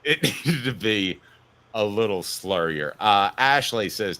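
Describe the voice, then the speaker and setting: A man hosting a casual sports talk show, sarcastic and animated. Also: fairly low pitch, slow. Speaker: sports radio host.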